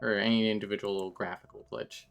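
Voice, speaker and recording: A woman's voice: extremely low pitch, level tone, fast talker. Wry woman streaming a game. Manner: wry, joking asides. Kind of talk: live game playthrough commentary.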